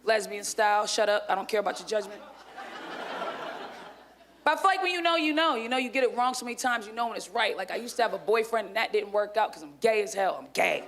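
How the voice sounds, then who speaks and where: A woman's voice: medium pitch, lively intonation, fast, noisy background. A woman in her thirties doing a stand-up set on a club stage, with brash, crude and profane punchlines. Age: 30s. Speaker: stand-up comedian.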